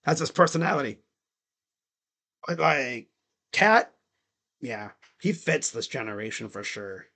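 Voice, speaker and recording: A man gives casual live play-by-play and reactions to a basketball game, rambling and saying "like" a lot. His mid-range voice is animated with a sharp tone, and his pace is measured.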